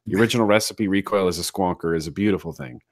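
A man's voice: low voice, fast talker, creaky, dry recording, studio quality. A man talking as a guest in a casual interview, enthusiastic and repeating phrases for emphasis. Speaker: guest, atomizer designer.

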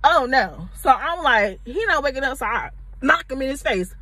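A woman's voice: high-pitched, expressive, normal speed, few pauses, sharp tone, husky, no echo, rough recording. A young adult woman telling a personal story on her vlog, candid and emphatic, full of slang and swearing. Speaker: mommy YouTuber.

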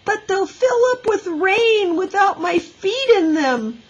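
A woman's voice: big pitch swings, takes it slowly, highs cut off, heavily acted. A woman voicing a little kindergarten girl who wails and sobs about her lost boots. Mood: pleading. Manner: high-pitched sobbing wail.

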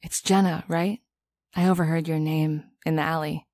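A woman narrator voicing a gentle, earnest young Marine in an audiobook. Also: low-pitched, fairly even intonation, normal speed, no echo, clean studio sound.

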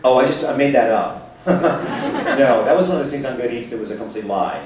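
Man answering crowd questions live, wry and self-mocking, lively pitch, recorded from afar in a roomy hall. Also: fairly quick. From United States. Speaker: touring speaker taking audience questions. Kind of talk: live audience Q&A. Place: large hall with a live audience. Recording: echoey hall, distant mic, loud crowd noise.

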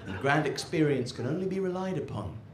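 A man voicing a solemn talking donkey, a pompous male sage, speaking slowly and gravely. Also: on the high side, very animated. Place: rooftop comedy club. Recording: echoey live room with crowd noise.

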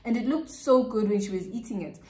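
A woman's voice: on the high side, brisk, mellow. A South African woman telling a casual storytime to her viewers, chatty and repeating words for emphasis. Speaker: YouTuber. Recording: echoey room.

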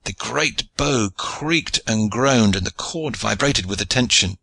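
A man narrating a classic adventure novel in a measured, even storytelling manner. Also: fairly low pitch, gravelly, slightly rough, no echo. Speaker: audiobook narrator. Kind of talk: scripted narration.

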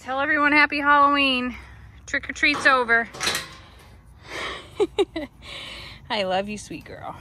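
A woman talks to her goats outdoors in affectionate baby talk, casual and chatty. Her voice is bright and sits a little high. Faint outdoor ambience and animal sounds drift behind her. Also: slow pace, pauses often, slight background noise. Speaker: goat owner filming her goats. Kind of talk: casual vlog talking to animals.

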